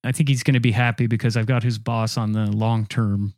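A man co-hosting a comedy podcast, with a dry, deadpan delivery in improvised bits. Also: lowish voice, brisk, dry recording. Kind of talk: improvised comedy sketch and chat.

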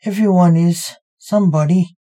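A woman's voice: on the low side, moderate pace, dark tone, natural voice. A woman reading the lines of a defiant, cocky young male stage magician in a short story, in a plain storybook voice.

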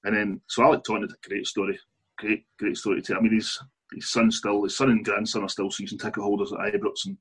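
A man's voice: fairly low pitch, flat delivery, quick pace, a bit bright, husky, rough recording. A Scottish man, an author being interviewed, telling long anecdotes in a chatty way, laughing often and restarting his sentences. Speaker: author and guest. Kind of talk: casual interview storytelling.

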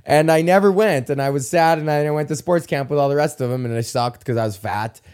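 A man's voice: a little high, brisk, clean tone. Young canadian guy ranting on his podcast, swears constantly, all over the place. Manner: swears a lot, rambling and excitable. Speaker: podcast host. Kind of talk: casual solo podcast rant. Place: at home in front of a camera.

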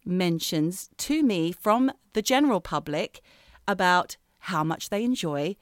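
A woman's voice: lowish voice, lively intonation, unhurried, smooth, dry recording, clean studio sound. A middle-aged woman co-hosting a podcast, chatting casually with a playful, teasing manner. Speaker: podcast co-host. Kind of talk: casual chat.

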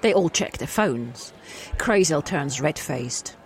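A man narrating an improvised comic tale with a lively, animated voice. He is playful and laughs easily between lines. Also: a little high, takes it slowly. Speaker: storyteller.

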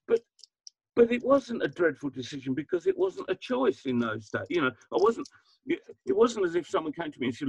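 A man in his seventies, a guest musician, talking reflectively in an interview, self-deprecating and halting with many restarts. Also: sits high, huge pitch swings, gravelly, husky, no room sound, highs cut off.

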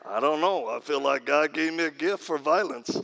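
Gravelly man telling a wry sermon story. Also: a little high, normal speed, a bit bright, slight background noise. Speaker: preacher.

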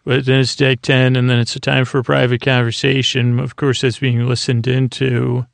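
Gravelly, flat-voiced man rambling a sleep story. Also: medium pitch, no room sound. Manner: halting, meandering, full of filler pauses. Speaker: podcast host.

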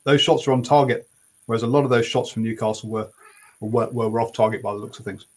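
A man's voice: mid-range voice, fairly even intonation, fast talker. A man co-hosting a casual football fan podcast, reading out match stats with some hesitation.

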